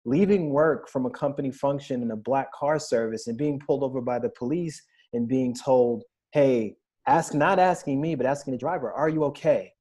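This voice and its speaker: A man's voice: medium pitch, fairly quick, hardly any pauses, mellow, breathy edge. A man in his thirties on a podcast panel, earnestly recounting personal stories in a candid discussion.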